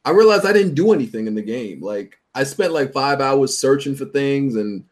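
A man's voice: mid-range voice, expressive, normal speed. Guy telling a wry game story, mid voice. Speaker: podcast co-host. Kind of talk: casual gaming chat.

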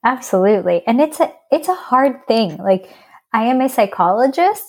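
A woman in her thirties, a psychologist, explaining in an earnest, measured way and often restarting her words. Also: a little high, very animated, breathy edge. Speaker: child psychologist guest. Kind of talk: explanatory interview talk.

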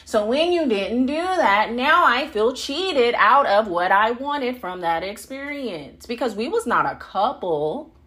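A young adult woman hosting a solo podcast, talking bluntly and profanely in an animated, laughing monologue. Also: on the high side, unhurried, few pauses. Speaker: podcast host.

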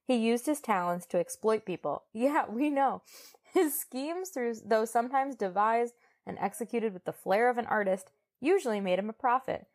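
On a podcast she co-hosts, a woman with a fairly high, expressive, darkish voice reads aloud from a novel and chats casually. She's jokey, laughs frequently, and hesitates on fillers.

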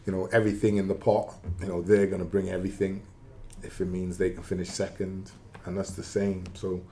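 A man's voice: low-pitched, level tone, fairly quick, mellow, a little hiss or hum. A man who is a former footballer, talking football in a matey, emphatic way. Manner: matey, emphatic, laughs easily. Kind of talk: casual football punditry.

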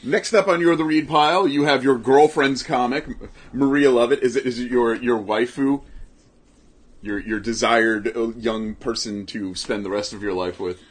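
A man with a husky, slightly breathy voice co-hosts a laid-back comics podcast. He talks with eager enthusiasm, throws in teasing jokes and quick asides, and sits at a middling pitch for a man. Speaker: podcast co-host. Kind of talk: casual chat about comics.

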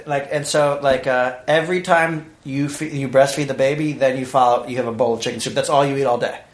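A man co-hosting a podcast, telling a story in a profane, animated way and acting out the people in it. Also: mid-range voice, brisk. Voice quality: profane, animated storyteller who acts out voices. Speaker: podcast co-host. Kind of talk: casual chat, storytelling. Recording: roomy echo.

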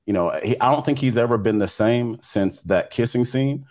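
A man on a review panel, talking in a relaxed, rambling way with many restarts. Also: mid-range voice, normal speed. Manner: relaxed, rambling, repeats words. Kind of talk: casual chat.

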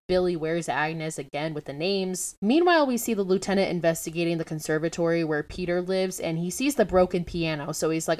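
A young woman with a low voice talks through a movie plot on her podcast. She is casual and animated, swears freely and drops sarcastic asides as she tells the story. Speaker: podcast host. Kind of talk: casual film recap.

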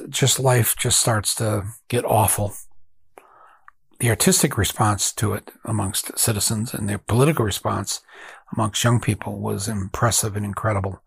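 An older man hosts his podcast in a wry, animated monologue. His voice is gravelly and a little husky, recorded dry and close. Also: on the low side, no echo. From Michigan. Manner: wry, animated, laughs at his own points. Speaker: podcast host. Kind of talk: casual monologue.

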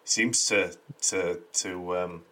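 Rambling man, low voice. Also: steady tone, slow, pushed and bright. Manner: rambling, repeats words while searching for them. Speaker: podcast co-host. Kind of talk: casual chat.

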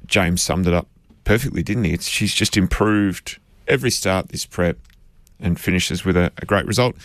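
Deep-voiced male racing co-host. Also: dry recording. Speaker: radio co-host. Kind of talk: racing talk chat.

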